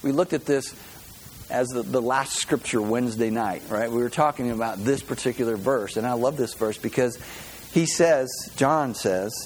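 A male pastor giving a conversational, animated sermon and asking the congregation questions. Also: mid-range voice, slight background noise.

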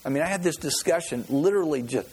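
Here is a man preaching in an easygoing, storytelling way, his voice a little husky and sitting slightly higher than most men's. He works through the scripture conversationally and often stops to restart a phrase. His delivery is informal rather than polished. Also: expressive, fast, a little mellow. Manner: folksy storytelling with frequent restarts. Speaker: pastor. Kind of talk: conversational sermon.

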